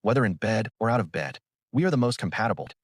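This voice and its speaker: A man's voice: lowish voice, lively intonation, quick pace, husky, dry recording, studio quality. Teasing young woman, voiced by a man. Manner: sweet and playful.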